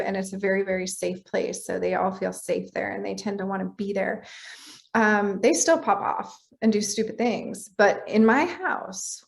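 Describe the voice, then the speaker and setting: A woman's voice: mid-range voice, vocal fry. A middle-aged woman speaking as a guest in a casual podcast interview, blunt and profane, often acting out her own thoughts in quotes. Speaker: guest, coach.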